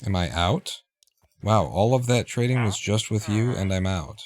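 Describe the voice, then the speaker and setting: Low-voiced man streaming a game. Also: normal speed. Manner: relaxed, muttering to himself. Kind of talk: casual gameplay commentary. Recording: noisy home recording.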